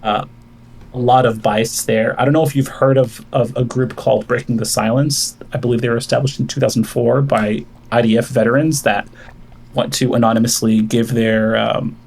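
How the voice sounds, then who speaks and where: Guy with a gravelly voice debating on a stream call, lots of um and uh, keeps restarting his sentences. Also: medium pitch, little pitch movement, moderate pace, a little mellow. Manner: lays out a long argument with many fillers and restarts. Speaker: caller debating the host.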